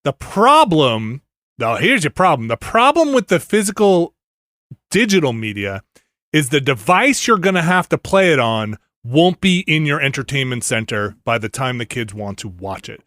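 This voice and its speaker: A middle-aged man hosting a podcast, rambling and animated with lots of fillers and restarts. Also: medium pitch, normal speed, no room sound, studio quality. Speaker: podcast host. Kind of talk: casual chat.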